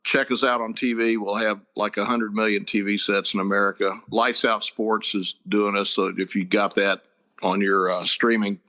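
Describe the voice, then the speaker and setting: An older man, a head football coach, telling stories in a casual chat, with a lively, laughing manner. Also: lowish voice, moderate pace. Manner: animated, laughing storyteller.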